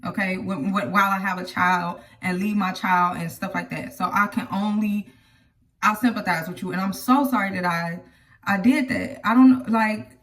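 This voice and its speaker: A woman's voice: mid-range voice, recorded from a distance. Chatty woman telling a story to camera. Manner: chatty, talks straight to viewers. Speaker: vlogger telling her life story.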